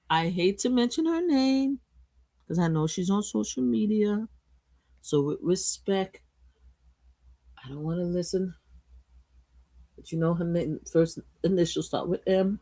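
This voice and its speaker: A woman from Brooklyn hosting a casual political livestream, blunt and profane, swinging between loud outbursts and quiet asides. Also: on the low side, animated, unhurried, pauses often. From Brooklyn, USA. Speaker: livestream host. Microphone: streaming mic.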